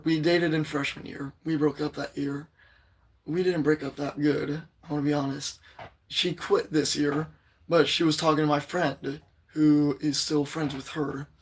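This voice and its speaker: A teenage boy with a hoarse, strained voice, chatting loosely with viewers on his livestream and clearing his throat often. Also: on the high side. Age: teens. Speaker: livestream poetry host. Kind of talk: casual livestream chat.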